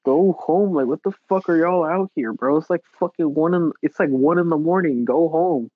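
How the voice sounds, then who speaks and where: A young man tells a story with animated energy and plenty of swearing, slipping into the voices of the people in it. His voice sits a bit high, and the sound is dry and slightly dull. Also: moderate pace, no echo. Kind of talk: casual chat.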